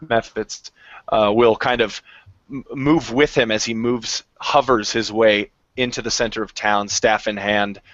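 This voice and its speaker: Player, man, very slow and hesitant, dry muffled sound. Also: lowish voice, steady tone, fairly bright tone, no room sound. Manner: hesitant, many fillers. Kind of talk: describing his character's actions. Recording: dry, dull lo-fi audio.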